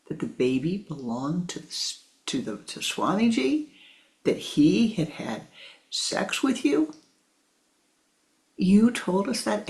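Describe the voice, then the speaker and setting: A man voicing an outraged village father, incredulous and loud, with a gravelly voice. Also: on the high side, full character voice, low-quality recording. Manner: incredulous, raising his voice.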